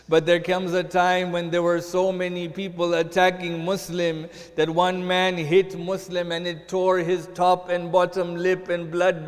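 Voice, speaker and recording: A man giving a sermon as a sheikh, telling a mournful story and rising into chanted lament. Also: high voice. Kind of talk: sermon narration. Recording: long hall reverb.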